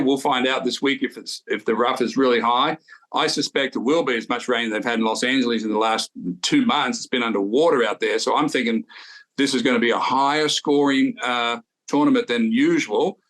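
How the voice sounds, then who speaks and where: An older man with an Australian accent, co-hosting a golf podcast and telling stories from his playing days in a relaxed way. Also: mid-range voice, poor audio. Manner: relaxed storytelling with golf detail. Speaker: golf podcast co-host, former tour winner. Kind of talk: casual golf chat.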